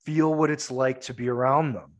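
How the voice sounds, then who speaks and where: A man's voice: medium pitch, steady tone, moderate pace. Earnest man coaching. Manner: earnest and emphatic, with coaching repetition. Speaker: podcast guest, men's coach. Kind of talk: casual podcast conversation.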